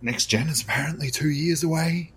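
A man's voice: on the high side, brisk, a bit bright, slight background noise. Laid-back Australian man chatting. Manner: laid-back, rambling with fillers. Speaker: podcast co-host. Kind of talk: casual chat.

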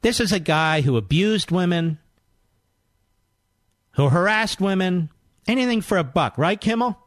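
A man's voice: sits high, lively intonation, a little slow, dry recording, clean studio sound. A middle-aged man hosting a political talk radio show in a mocking, combative monologue.

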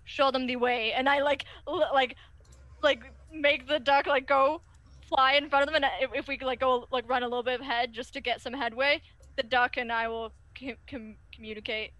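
A woman playing a tabletop game, brisk and decisive. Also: high voice, steady tone, fairly bright tone, no echo, muffled recording. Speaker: player.

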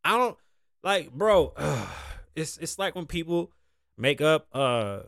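Guy hosting his podcast, kinda high voice, rambly and cussing, dry close sound. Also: sing-song, slow, creaky, a bit bright, no echo. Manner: rambling, profane, laughs at his own stories. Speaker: podcast host. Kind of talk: casual chat.

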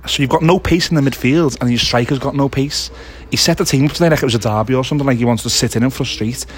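A man co-hosting a casual post-match football reaction, giving brisk, opinionated analysis. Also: mid-range voice. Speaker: football podcast co-host.

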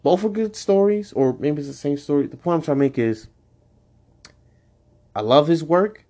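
A young adult man hosting his own podcast, ranting casually and profanely, his voice jumping high when he gets annoyed. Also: animated, moderate pace, mellow. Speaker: podcast host. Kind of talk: casual solo podcast rant.

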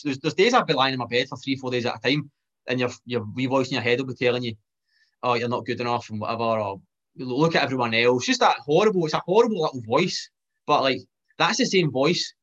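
A man talks quickly as a guest on a casual podcast. He speaks with lots of restarts and pitches his voice a little high. The recording sounds dull and lo-fi. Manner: fast, animated, repeats himself with restarts. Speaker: podcast guest, fitness trainer. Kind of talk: casual chat.

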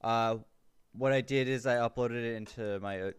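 A young man co-hosting a podcast, chatting in a relaxed way and laughing easily. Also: medium pitch, moderate pace, clean tone, no echo. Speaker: podcast co-host. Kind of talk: casual chat.

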